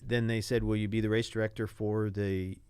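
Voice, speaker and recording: An older man, a retired Navy pilot, telling animated stories as an interview guest and acting out the people he quotes. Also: on the low side, a little fast, smooth, no echo. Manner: animated anecdotes, acts out quoted voices. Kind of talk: casual interview storytelling.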